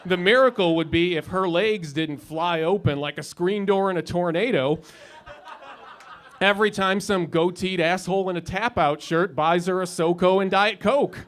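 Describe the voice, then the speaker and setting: A man's voice: high-pitched, normal speed, a bit bright. Sardonic man doing stand-up. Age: 30s. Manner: dry, sardonic delivery with rising punchlines. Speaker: stand-up comedian. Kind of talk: stand-up comedy set. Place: comedy club lounge.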